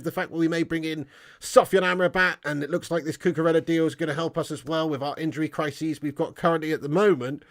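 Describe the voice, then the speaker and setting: A man hosting a football livestream, chatting casually, joking and laughing with British slang as he reads viewer messages. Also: on the high side. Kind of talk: casual livestream chat reading super chats.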